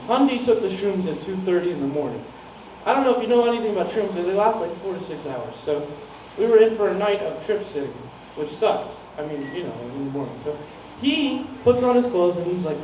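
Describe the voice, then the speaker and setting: A man's voice: high-pitched, animated, fairly quick, a little mellow. A young man doing stand-up, telling a rambling, profane story and laughing at his own jokes. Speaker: stand-up comedian. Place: small comedy venue. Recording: echoey room, mic heard from far off, some noise.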